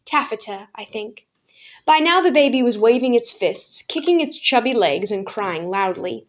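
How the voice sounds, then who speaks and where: A woman narrating a children's book aloud as a storyteller, calm and even. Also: on the high side, normal speed.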